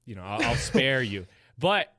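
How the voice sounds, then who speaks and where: Man, casual chat, bright voice, dry close sound, rambling, laughs a lot. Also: medium pitch, big pitch swings, measured pace, no echo. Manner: rambling, chatty, laughs often.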